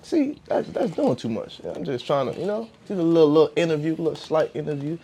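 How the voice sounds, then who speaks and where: A man hosting a podcast interview, relaxed and slangy, often repeating words as he asks his questions. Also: on the high side, brisk, slight background noise. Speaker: podcast host. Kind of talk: casual interview chat.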